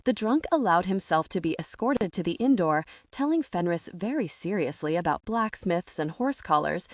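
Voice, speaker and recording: A woman reading an audiobook as its narrator, expressive and voicing each character. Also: lowish voice, normal speed, dry recording, studio quality. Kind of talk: scripted narration.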